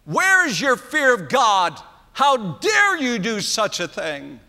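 A man's voice: high-pitched, sing-song, slow, sharp tone, breathy edge, exaggerated voice. A man voicing a furious father-king scolding his grown son, accusing and repeating himself. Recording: long hall reverb.

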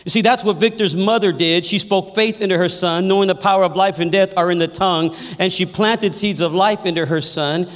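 High-voiced pastor preaching in a hall. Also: male voice, steady tone, brisk, few pauses. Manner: humorous storytelling, builds to shouted praise. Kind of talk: sermon. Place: church hall with congregation. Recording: long hall reverb, faint congregation.

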